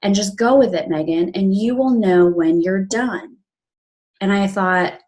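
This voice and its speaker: Slow-spoken woman telling a personal story. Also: medium pitch, darkish tone. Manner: earnest, emotional, many fillers and restarts.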